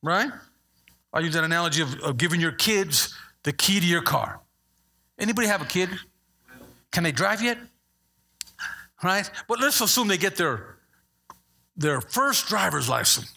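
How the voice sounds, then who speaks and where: A man's voice: high-pitched, moderate pace, gravelly, long pauses. A middle-aged male pastor preaching a sermon, acting out voices and asking the congregation questions. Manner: animated, acts out voices, asks the congregation questions.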